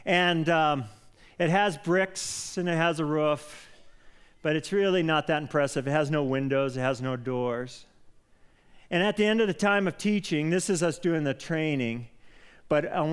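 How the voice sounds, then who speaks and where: A man preaching from a church pulpit, telling a story with animated energy. His voice sits a little on the high side, and it rises sharply and loudly whenever he quotes someone praying. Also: clean tone. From Colorado. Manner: storytelling, animated, rising loud when quoting prayer. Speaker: pastor. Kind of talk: sermon. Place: church sanctuary.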